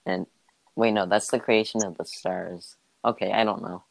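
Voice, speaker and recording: A young man chatting casually as a podcast co-host, joking and teasing with deadpan asides. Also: on the low side, moderate pace, creaky, dry recording, rough recording. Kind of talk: casual chat.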